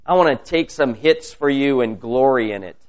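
A man's voice: medium pitch, lively intonation, moderate pace. A man leading a spontaneous spoken prayer, fervent and repetitive in his petitions. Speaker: prayer leader.

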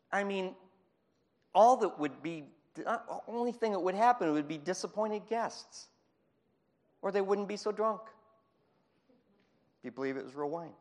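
A male preacher delivering a lively sermon. He acts out Bible scenes and chuckles between points. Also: high voice, unhurried, pauses often, long reverb tail.

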